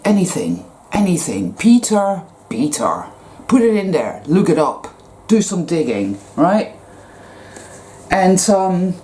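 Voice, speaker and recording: A spiritual vlogger delivers a ranting monologue to camera, blunt, profane and emphatic. Her voice is fairly low and warm.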